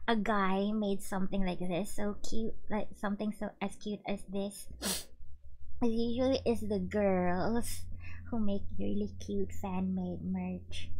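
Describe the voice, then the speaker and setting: A woman's voice: medium pitch, a little mellow, a little hiss or hum, poor audio. A young woman from the Philippines, chatting casually with her stream chat in a bubbly, giggly way. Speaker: VTuber streamer.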